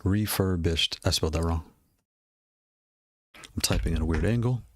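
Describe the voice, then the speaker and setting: A man's voice: low voice, normal speed. A man casually talking about game controllers as he browses, rambling, repeating himself and laughing often. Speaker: gaming hardware video creator. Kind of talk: casual product talk while browsing.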